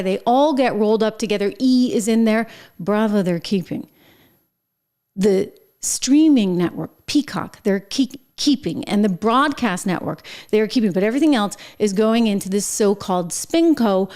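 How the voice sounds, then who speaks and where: A woman's voice: a little high, darkish tone. Chatty middle-aged woman hosting a show. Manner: chatty, wry, quick asides and frequent laughs. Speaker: show host. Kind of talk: conversational political commentary.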